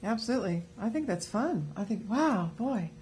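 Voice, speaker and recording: A woman's voice: mid-range voice, animated, moderate pace, darkish tone. A woman co-hosting a casual webcast talk show, chatty and upbeat as she gives tips. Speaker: co-host. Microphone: webcast studio mic.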